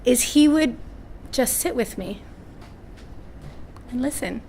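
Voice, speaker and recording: A woman speaks at a live parenting seminar, high-pitched with a gravelly texture. She tells lively anecdotes, slips into other people's voices, and keeps checking in with her audience. A faint hum of room ambience sits behind her. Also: slow. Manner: animated storyteller, acts out voices, asks "right?" often.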